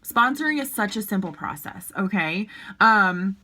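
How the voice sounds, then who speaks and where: This woman has a mid-range, animated voice with a sharp tone, speaking a little slowly. A network marketing team leader, she gives casual, bubbly vlog advice to camera from a child's bedroom, often checking in with the viewer.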